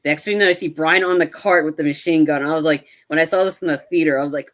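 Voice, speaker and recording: A man co-hosting a podcast, excitedly recapping film scenes with lots of fillers and acted-out quotes. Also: fairly high pitch, fast. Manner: animated retelling, acts out quotes, lots of fillers. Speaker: podcast co-host. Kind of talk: casual movie review chat.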